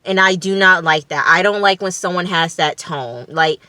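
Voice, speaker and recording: Woman, casual TV recap vlog, bright tense voice, dry close sound, blunt and swearing. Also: lowish voice, normal speed, dry recording. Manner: blunt, profane, opinionated retelling; chatty with frequent fillers. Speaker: TV reality show reviewer.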